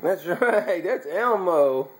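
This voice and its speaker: A man's voice: high voice, lively intonation, slow, slight background noise. A man feeding his young child at home, coaxing him to say words and laughing often. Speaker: father feeding his toddler. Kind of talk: casual home video chat.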